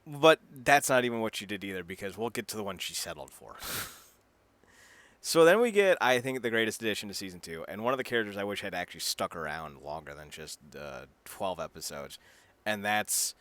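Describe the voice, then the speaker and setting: A man co-hosting a podcast, chatting casually and rambling with lively energy, laughing at his own jokes. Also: on the low side, a little fast, dry recording. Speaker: podcast co-host. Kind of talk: casual chat.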